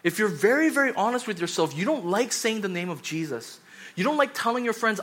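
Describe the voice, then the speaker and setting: A man in his thirties, a pastor giving a sermon, telling stories in a chatty way and rising to loud urgent pleading. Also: sits high, lively intonation, a little fast. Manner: conversational preaching, swings from quiet storytelling to loud urgent pleading.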